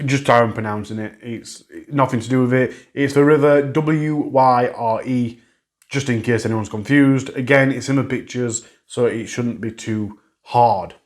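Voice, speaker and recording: Guy, mid voice, chatting thru a true crime update, fixes his own slips as he goes. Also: medium pitch. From England. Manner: conversational, recapping and correcting himself, regional grammar. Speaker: true crime channel host.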